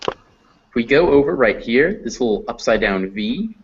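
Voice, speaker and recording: An American man teaching phonetics in a classroom lecture, slowly drawing out example sounds. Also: medium pitch, animated, background noise. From United States. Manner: slow, drawn-out demonstration of sounds. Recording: dull lo-fi classroom recording.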